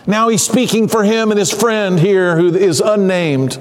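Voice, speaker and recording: A man preaching a sermon in an earnest, conversational way, pausing and sighing as he talks. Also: high voice, long reverb tail. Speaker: pastor.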